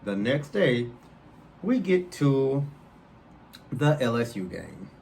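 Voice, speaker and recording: A man's voice: mid-range voice, takes it slowly, creaky. A man in his thirties spins a personal story, his voice bouncing up and down as he acts out every exchange. He talks right to the listeners, loose and chatty, over a faint background hiss. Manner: animated, addresses listeners directly, acts out quotes. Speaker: podcast host.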